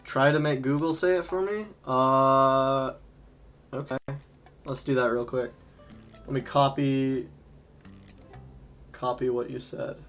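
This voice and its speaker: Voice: mid-range voice, fairly even intonation, slow, long pauses, fairly bright tone. A gaming streamer talking unhurriedly into a desk microphone, drifting from the game to loose stories and laughing along the way. Faint music plays behind the voice. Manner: chatty, rambling, often laughing. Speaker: livestream host. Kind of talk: casual gaming livestream chat.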